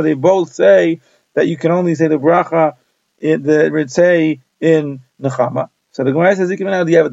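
A man's voice: sits high, vocal fry, darkish tone, dry recording. A man teaching a Talmud class, reading each phrase of the text and then translating and explaining it. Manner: reads Hebrew-Aramaic text then translates line by line. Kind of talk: daily page Talmud class. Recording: dull lo-fi dry recording.

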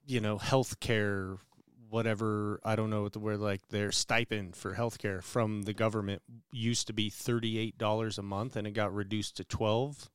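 A man's voice: lowish voice, level tone, moderate pace, clean tone, no room sound, studio quality. A man co-hosting a podcast, chatting casually and agreeably, often trailing off and unsure of details. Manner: hesitant, agreeable, rambling. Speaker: podcast co-host. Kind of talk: casual chat.

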